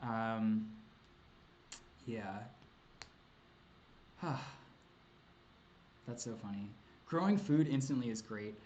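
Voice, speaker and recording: A man's voice: fairly low pitch, expressive, extremely slow, pauses often, darkish tone, highs cut off, a little hiss or hum. A man answering chat questions on a casual livestream, rambling and hesitant with many ums and likes, laughing often and swearing casually.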